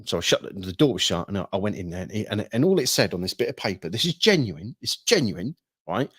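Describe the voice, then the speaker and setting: Middle-aged guy telling war stories, kinda low voice, swears a lot, lots of ums, dead dry room. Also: very animated, fast talker, slightly rough, no echo. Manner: rambling, swears freely, frequent ums and restarts; acts out shouted quotes with sudden bursts. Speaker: hypnosis trainer recounting military past. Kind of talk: casual storytelling talk.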